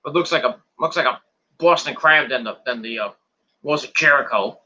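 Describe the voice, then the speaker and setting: Bright-voiced man recapping wrestling. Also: medium pitch, fairly quick. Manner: rambling, repeats words, restarts. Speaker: wrestling show reviewer. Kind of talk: casual play-by-play recap.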